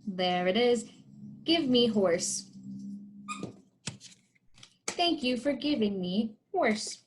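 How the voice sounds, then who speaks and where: A woman's voice: fairly high pitch, lively intonation, very slow, slight background noise. A woman teacher demonstrating a picture-card lesson for young students, talking in a sing-song way and making animal sounds.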